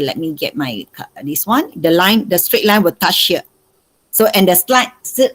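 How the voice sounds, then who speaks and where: A woman with a Malaysian accent, medium-pitched and heard through poor audio, teaches maths in an online revision lesson. She coaxes her students, asking the same questions again and again to draw out answers.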